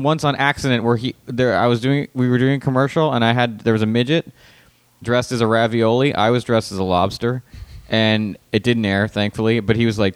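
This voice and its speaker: A man's voice: medium pitch, clear, resonant tone, no room sound. A man, a comedian, telling a story in a casual podcast chat, rambling and swearing as he acts out what people said. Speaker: comedian guest.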